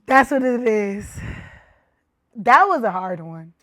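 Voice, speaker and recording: A woman hosting her own podcast in casual chat, animated and a little tipsy, with loud exclamations and slang. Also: fairly high pitch, slow pace. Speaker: podcast host.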